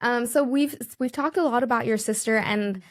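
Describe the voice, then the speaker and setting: A woman's voice: fairly high pitch, moderate pace. A woman hosting a podcast interview, affirming her guest and leaning on filler words like "you know". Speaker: podcast host. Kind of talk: interviewing conversationally.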